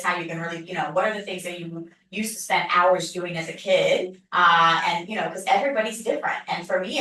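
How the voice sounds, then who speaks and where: A woman's voice: lowish voice, bright, forceful tone, slight background noise. A woman guest in her thirties, chatting openly in an interview and laughing often. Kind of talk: casual podcast interview. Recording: echoey distant room sound.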